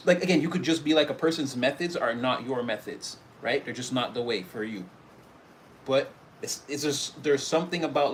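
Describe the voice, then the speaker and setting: A man's voice: medium pitch, slight background noise. A man giving a casual spoken tarot reading, rambling and loose, with many fillers and restarts. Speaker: tarot reader.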